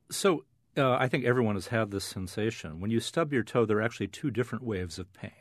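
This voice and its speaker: A middle-aged man, a neuroscience professor, explaining on a radio interview with frequent "uh" fillers and animated emphasis. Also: fairly low pitch, dry recording, clean studio sound.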